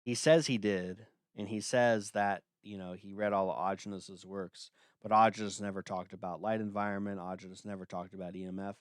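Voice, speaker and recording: Blunt low-voiced man ranting. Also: steady tone, fairly quick, few pauses, clear, resonant tone, no echo, studio quality. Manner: blunt and dismissive, with filler words. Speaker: livestream host. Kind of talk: casual ranting livestream.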